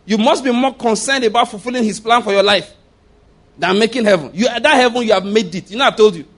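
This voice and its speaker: A man's voice: sits high, quick pace, a bit bright. A man preaching as a pastor in an emphatic sermon, repeating phrases and asking rhetorical questions.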